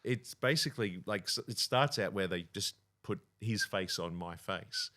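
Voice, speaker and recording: Relaxed, deep-voiced Australian man. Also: moderate pace, noisy background. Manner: relaxed, laughs easily, self-deprecating. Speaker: comedian and impressionist guest. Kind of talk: casual podcast interview.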